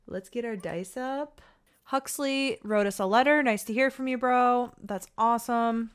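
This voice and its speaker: A woman casually commentating her own gameplay, chatty and excitable, pleading with the dice and cooing at the characters. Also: a little high, slow pace, clean tone. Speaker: gaming channel host. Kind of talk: casual let's-play commentary.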